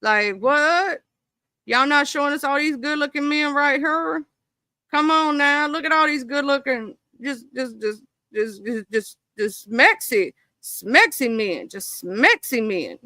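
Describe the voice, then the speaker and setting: A woman's voice: sits high, unhurried, sharp tone, no echo, studio quality. A woman streaming live, reading a ranked list aloud and breaking into indignant, swearing asides to her viewers. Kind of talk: casual live-stream chat.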